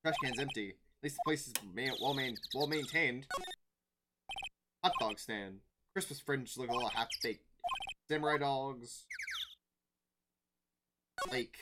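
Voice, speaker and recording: A woman streaming a game, muttering casual low asides between lines. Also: measured pace, pauses often, heavy background noise. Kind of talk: casual let's-play commentary.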